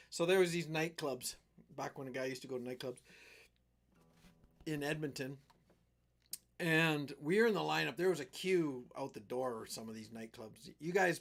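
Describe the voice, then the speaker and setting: A middle-aged man from western Canada telling a rambling story on his live stream, acting out what people said. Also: mid-range voice. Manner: rambling, animated storyteller who acts out quotes.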